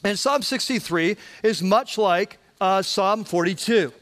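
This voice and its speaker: A man with a high-pitched voice gives a sermon in an easygoing, conversational manner. He restarts sentences often and keeps checking in with the congregation as he goes. He talks plainly, as if to friends, rather than in a formal pulpit style. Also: a little slow, fairly bright tone. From Southern California. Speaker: pastor.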